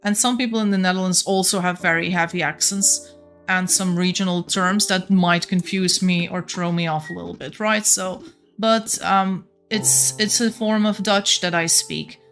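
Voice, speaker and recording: A Flemish woman from Belgium whose first language is Flemish, chatting casually with viewers on a game stream, a little monotone at times. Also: fairly low pitch, moderate pace, faint music behind. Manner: a bit monotone at times, laughs often.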